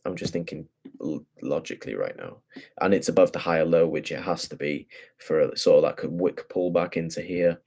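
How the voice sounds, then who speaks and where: This is a young man walking through his trading charts. His voice sits very low and deep. He muses aloud in loose, profane slang. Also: expressive, fairly quick, vocal fry, a little mellow, slightly rough. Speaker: forex trader. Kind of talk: casual chart breakdown.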